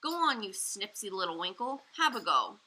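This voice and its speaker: Lady doing a big old friendly giant, muddled words, loud, bright and husky. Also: mid-range voice, very animated, moderate pace. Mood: booming. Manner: jumbled grammar, loud and emphatic.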